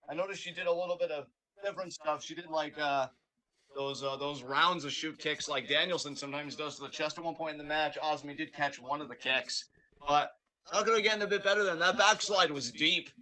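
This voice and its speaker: Bright-voiced man calling wrestling play-by-play. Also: on the high side, brisk. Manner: animated play-by-play, hyping wrestlers. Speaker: wrestling watch-along co-host. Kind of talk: live reaction commentary.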